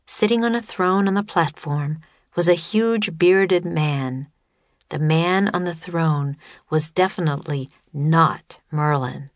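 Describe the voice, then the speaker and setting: A woman reading a children's chapter book aloud as narrator, measured and even, close to the mic. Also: sits low, no room sound. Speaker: audiobook narrator. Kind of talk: scripted narration.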